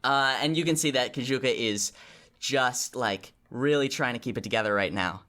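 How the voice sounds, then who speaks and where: A man's voice: mid-range voice, moderate pace, a bit bright, slight background noise. A man narrating a tabletop game as game master, casual and hesitant, with many fillers.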